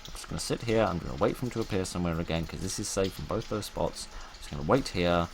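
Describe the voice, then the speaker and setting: A deep-voiced man talks through a game in a wry, rambling patter, muttering to himself as he works out each step. Noise sits clearly behind his voice. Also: fast. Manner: wry, chatty, talks to himself while playing. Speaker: gaming YouTuber. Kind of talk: casual let's-play commentary.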